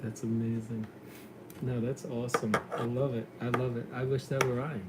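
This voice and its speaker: A middle-aged former police lieutenant from New York with a New York accent, chatting casually and telling stories in a lively way. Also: male voice, medium pitch, normal speed, heavy background noise. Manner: chatty storyteller, animated when retelling. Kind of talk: casual chat on a call.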